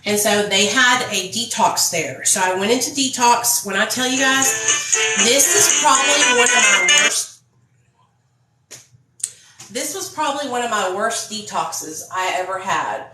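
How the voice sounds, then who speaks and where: A woman's voice: medium pitch, expressive, measured pace, reverberant, over loud music, low-quality recording. A young woman vlogger chatting candidly and swearing freely as she tells her story while doing her makeup. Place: indoor room, phone ringing.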